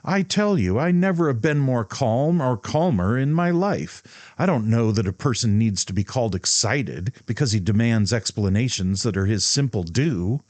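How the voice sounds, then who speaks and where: A man's voice: mid-range voice, animated, a little slow, a little mellow, dry recording, pitched above the performer's own voice, natural voice. A man voicing a proud, hot-headed young man who speaks indignantly and demands answers.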